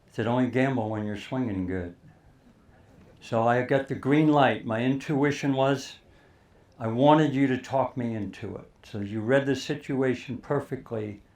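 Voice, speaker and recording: An older man telling a lively golf story to an audience, acting out the quoted lines. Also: medium pitch, a little slow. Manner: animated storyteller, acts out quotes. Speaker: speaker telling a caddie story.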